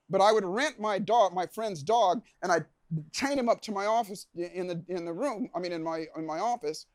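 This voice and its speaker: A man giving a motivational seminar talk to a live audience, telling stories with acted-out shouts and gasps and coaxing the crowd to join in. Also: sits high, no echo. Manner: animated storyteller, acts out shouts and gasps, coaxes audience. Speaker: keynote speaker. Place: event lounge before a live audience.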